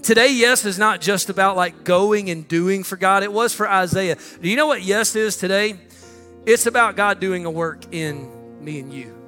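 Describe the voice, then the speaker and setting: A male pastor preaching a sermon, swinging between loud emphatic lines and hushed ones. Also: high voice, moderate pace. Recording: long reverb with faint music.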